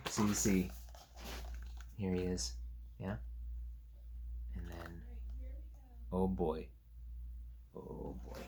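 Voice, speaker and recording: A man reading a picture book aloud to young children, chatting gently about the pictures between pages. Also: deep voice, extremely slow, long pauses, background noise. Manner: animated, gentle, talks to young listeners. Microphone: camera on a tripod.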